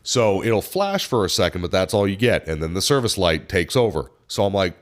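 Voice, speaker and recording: Low-voiced man telling shop stories. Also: brisk, hardly any pauses. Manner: animated anecdote teller, acts out customer lines. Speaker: podcast co-host. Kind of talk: casual storytelling chat.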